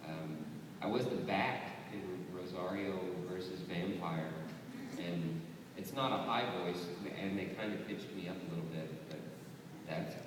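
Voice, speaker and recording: A male voice actor answering audience questions at a convention panel, playful and animated. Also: low-pitched. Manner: playful, animated, slips into quick impressions. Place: large convention hall. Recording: echoey hall, distant mic, background noise.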